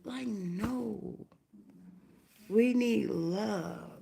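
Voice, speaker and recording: A woman's voice: on the high side, lively intonation, a little slow, vocal fry, a little mellow, a little hiss or hum. A young woman ranting bluntly and profanely on a casual livestream, firing off rhetorical questions while doing her hair.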